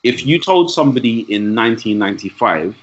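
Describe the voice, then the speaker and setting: A man appears as a podcast guest, a teacher and trainer who lays out his points through lists and asides in casual conversation. His mid-range voice is expressive and brisk, and the lo-fi audio sounds dull.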